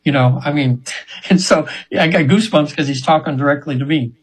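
A man's voice: fairly high pitch, a little fast, husky, low-quality recording. A man in his seventies telling a long, meandering story as an interview guest, earnest and full of fillers and restarts. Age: 70s.

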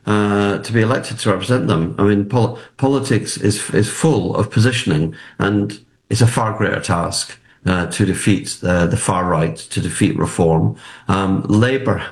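A man's voice: fairly low pitch, normal speed. A man, a political commentator, arguing his points emphatically in a news interview, often repeating words as he presses on.

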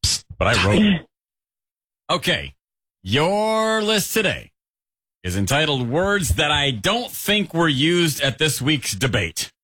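Guy hosting a radio word game, joking around, bit husky. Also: on the high side, big pitch swings, a little slow, pushed and bright, no echo, studio quality. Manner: playful, laughs often. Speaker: radio show host. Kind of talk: casual radio game banter.

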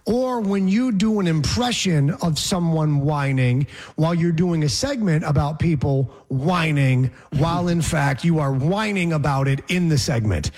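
A man's voice: a little high, a little slow, few pauses, darkish tone. A man co-hosting a casual sports radio show, teasing his partner with wisecracks. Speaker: co-host.

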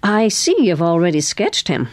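A woman's voice: lowish voice, big pitch swings, normal speed, dry recording. A woman playing a genteel older lady, curious. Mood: admiring.

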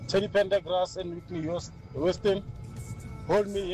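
Cheerful high-voiced man caller. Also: fairly even intonation, normal speed, darkish tone, soft background music, poor audio. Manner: cheerful, enthusiastic. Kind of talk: phone-in song request.

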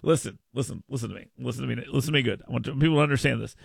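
A man's voice: medium pitch, very fast, gravelly, husky, dry recording. A man hosting a talk radio show, chatting playfully and making mock proclamations, with frequent restarts, on a studio mic. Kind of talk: casual talk radio banter. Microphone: studio microphone.

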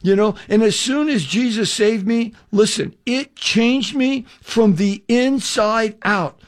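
An older man giving a radio testimony sermon as an evangelist, telling his story in an animated way, acting out the dialogue and putting direct questions to the listener. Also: high voice, takes it slowly.

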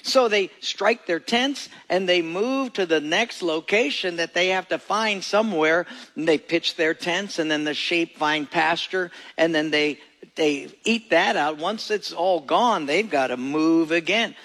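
A male pastor preaches in a folksy, storytelling way, often turning to ask his listeners questions. His voice is a little high and gravelly, and it echoes around a large hall. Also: unhurried, fairly bright tone. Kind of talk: sermon.

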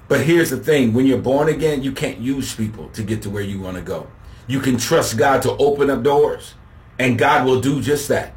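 A man preaching a sermon, slow and emphatic, building to shouted refrains as he contrasts points. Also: mid-range voice.

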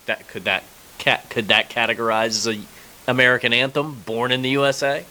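A man's voice: medium pitch, fairly even intonation, fairly quick, pushed and bright. A man co-hosting casual sports talk radio, asking hesitant, earnest questions. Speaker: radio co-host.

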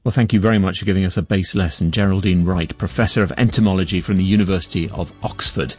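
A man presenting a radio news and talk show in a measured, formal broadcast manner. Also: deep voice, fairly even intonation, a little mellow, faint music behind. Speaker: radio host.

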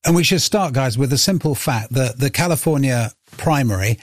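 Brief: male podcast host, mid-pitched voice, dry close-miked studio, emphatic presenter style. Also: expressive, moderate pace, no echo. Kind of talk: podcast introduction and discussion. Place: studio in London.

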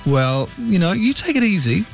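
A man's voice: sits high, very animated, normal speed, gravelly, soft background music. A man hosting a radio talk show, rambling and joking in casual chat. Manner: rambling, jokey and chatty.

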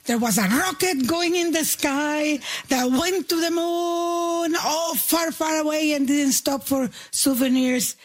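A woman on a comedy quiz panel riffs, drawn-out and meandering, restarting and tripping over phrases. Her voice sits high, and she takes her time getting to the joke. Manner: rambling, stumbles over words. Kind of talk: improvised comic riffing.

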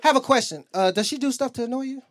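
A man doing a stand-up comedy set, telling brash, profane stories and acting out loud exchanges. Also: very high-pitched, quick pace. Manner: brash, profane storytelling with loud character bits. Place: comedy club stage.

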